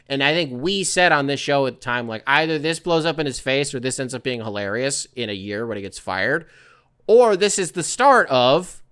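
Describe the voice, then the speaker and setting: A man's voice: medium pitch, lively intonation, a little fast, a bit bright, clear, resonant tone. A young man hosting his own podcast from a home desk, chatting loosely with profane, rambling asides. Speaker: podcast host. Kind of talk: casual solo podcast monologue. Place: home workstation.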